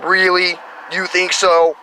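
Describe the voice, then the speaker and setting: Vlogger, man in his thirties, bright forward tone, meandering and upbeat, outdoors with faint traffic behind. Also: high-pitched, completely flat delivery, takes it slowly, low-quality recording. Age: 30s. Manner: enthusiastic, meandering, spiritual self-talk. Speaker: spiritual vlogger. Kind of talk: rambling casual monologue.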